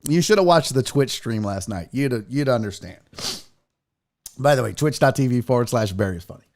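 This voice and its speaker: A man hosts a comedic talk show with a loud, mocking edge, cursing freely as he rants. His pitch jumps all over the place, swooping up for sarcastic impressions and dropping low for deadpan asides. He talks at a loose, animated clip. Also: a little fast. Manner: loud, mocking, profane, swings into exaggerated voices. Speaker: podcast host.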